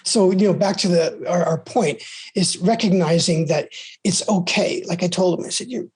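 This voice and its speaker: A man's voice: sits high, moderate pace, slightly rough. A middle-aged man from the United States, a podcast guest giving earnest, encouraging advice, often repeating words and restarting phrases. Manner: repeats words and restarts, soft trailing ends.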